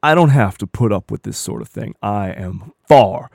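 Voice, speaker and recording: A man's voice: medium pitch, sing-song, very fast, husky, dry recording, studio quality, pitched below the performer's own voice. A man voicing a pompous, self-important male vampire scholar who speaks haughtily. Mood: indignant.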